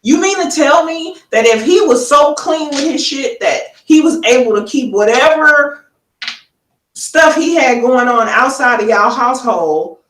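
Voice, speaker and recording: A woman's voice: high-pitched, unhurried, a bit bright, a little hiss or hum. A woman on a talk show panel, blunt and persistent, building long hypothetical scenarios. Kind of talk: casual panel debate. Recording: roomy sound, mic far off.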